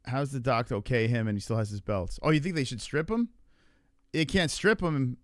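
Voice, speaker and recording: A man's voice: medium pitch, a little fast. A man casually commentating his own poker game, taunting and swearing at his opponent. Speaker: podcast host playing poker.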